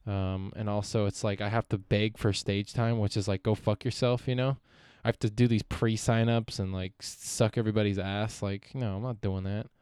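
A man's voice: on the low side, flat delivery, moderate pace, hardly any pauses, a little mellow, clear, resonant tone, dry recording, studio quality. A young man hosting a solo podcast, rambling and swearing freely, often trailing off and restarting. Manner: profane, meandering, self-interrupting. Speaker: podcast host.

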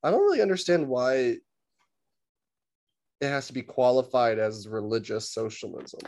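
A man's voice: medium pitch, very animated, moderate pace, a little mellow. Laid-back man co-hosting a podcast. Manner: laid-back, reads passages aloud with small stumbles. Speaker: podcast co-host. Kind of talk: casual chat, reading facts aloud.

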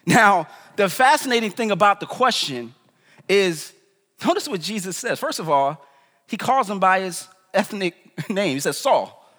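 A man's voice: sits high, lively intonation, normal speed, pushed and bright, big-room sound. A man preaching a sermon as pastor in a casual, slangy, conversational way, in a church. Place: church in New York.

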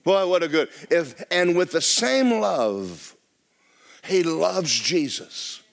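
A man preaching a sermon as pastor, swinging from loud exclamations to hushed, near-whispered lines. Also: fairly high pitch, very animated, slow, creaky.

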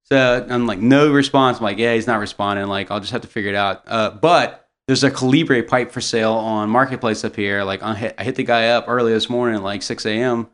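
A young adult man telling a rambling, animated story in casual chat, swearing and laughing often. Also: on the low side, a little fast, few pauses.

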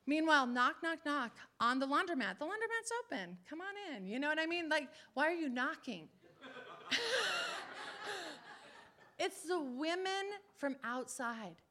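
Bright high-voiced woman preacher. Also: a little slow, pauses often. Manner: animated storytelling, acting out the people she quotes. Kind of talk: testimony in a sermon.

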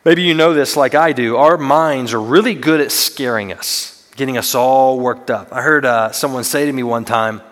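A man's voice: medium pitch, moderate pace, few pauses, a bit bright. A young man preaching a sermon as a student minister, earnest and conversational with self-deprecating humor. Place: church sanctuary. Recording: long reverb of a large hall.

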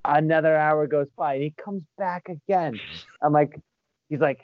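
A man swapping old bar stories in casual chat, cursing freely and breaking into laughter as he goes. His voice sits a little high for a man. The audio is dull and dry, like a remote call. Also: moderate pace, no echo. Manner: profane, laughing storyteller. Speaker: former bar back.

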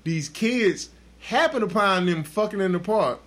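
A man with a high voice tells the story with crude, profane gusto. His pitch leaps all over the place as he goes, and he sounds loose and animated on an unscripted podcast. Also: measured pace. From Texas. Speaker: podcast host. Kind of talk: casual chat, storytelling.

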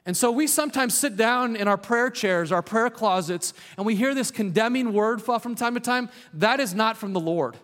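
High-voiced male pastor in echoing hall. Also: normal speed, few pauses. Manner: earnest, drops to a hushed voice on key points. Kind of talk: sermon. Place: church hall with long reverb. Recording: reverberant church hall.

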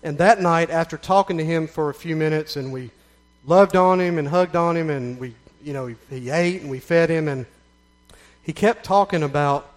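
Middle-aged man, Southern American accent, folksy testimony, earnest storytelling, slightly higher voice. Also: normal speed. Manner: earnest, folksy storytelling with rising emphatic runs. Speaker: speaker giving a testimony. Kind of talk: spoken testimony to a gathering.

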